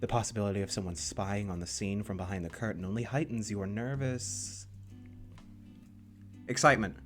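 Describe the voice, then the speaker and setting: A man narrating a visual novel in the second person, steady with playful asides. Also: fairly low pitch, fast talker, soft background music.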